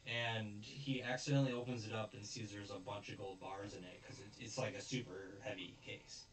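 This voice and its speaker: A man's voice: lowish voice, little pitch movement, moderate pace, a bit bright, roomy sound, recorded from a distance, a little hiss or hum. A man casually recapping an anime episode, rambling and chuckling often as he goes. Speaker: anime reviewer.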